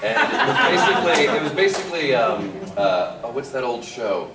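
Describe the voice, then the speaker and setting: A man's voice: mid-range voice, sing-song, moderate pace, very noisy. Middle-aged guy rambling thru a funny story on a con panel, keeps chuckling, echoey hall, mic kinda far off. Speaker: guest voice actor on a convention panel. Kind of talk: casual anecdote told to an audience. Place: convention panel room. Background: audience murmur and laughter.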